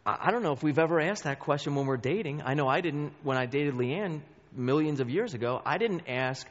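A man's voice: medium pitch, expressive, fairly quick, few pauses. A middle-aged man teaching a Bible study group, earnest and conversational, speaking straight to the listeners. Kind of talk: church teaching talk. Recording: dull sound with long hall reverb.

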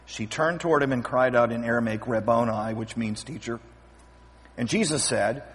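A man preaching a sermon as pastor, lively and acting out scripture scenes with voices. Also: mid-range voice, moderate pace, husky. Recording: long hall reverb.

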